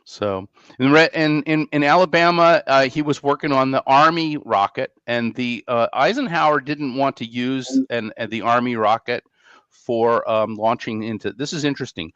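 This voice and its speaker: A man's voice: medium pitch, normal speed, a bit bright, clear, resonant tone, dry recording. A man hosting a casual podcast chat, talking in a hesitant way with many restarts. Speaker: podcast host. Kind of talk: casual conversation. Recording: dry, muffled mic sound.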